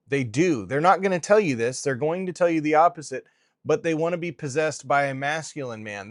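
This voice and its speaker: A man's voice: mid-range voice, no room sound, clean studio sound. A man hosting a commentary in a preaching style, emphatic and repeating phrases for stress. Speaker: host.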